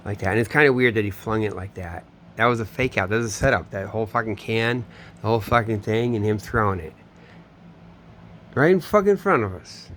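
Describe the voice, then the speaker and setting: At home in Florida, a man tells a long, meandering personal story, swearing often and trailing off mid-sentence. His voice is on the low side, animated, a little fast and fairly bright, with slight background noise.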